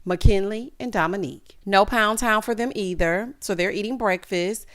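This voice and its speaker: A woman in her thirties giving a sassy, animated recap of a reality show, calling her viewers honey and child. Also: medium pitch, normal speed. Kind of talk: casual recap commentary.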